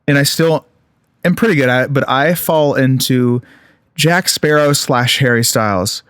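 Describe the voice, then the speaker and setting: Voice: medium pitch, a little slow, a bit bright, clean tone, no room sound, clean studio sound. A podcast host in casual chat, joking around and slipping into put-on accents. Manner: jokey, slips into put-on accents.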